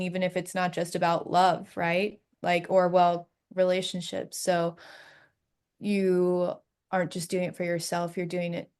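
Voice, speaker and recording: A young adult woman, a matchmaker and podcast guest, talking in an earnest, animated way in a casual interview and acting out the voices in her stories. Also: lowish voice. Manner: earnest, animated storyteller who acts out quoted voices.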